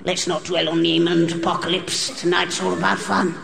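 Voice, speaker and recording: A man performing a stand-up set in a strained, unusually high voice and a deadpan, grotesque absurdist delivery, recorded live on stage. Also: a little fast, creaky. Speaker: stand-up comedian. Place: comedy club stage with a live audience. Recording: archive broadcast of a live show with hall reverb and audience laughter.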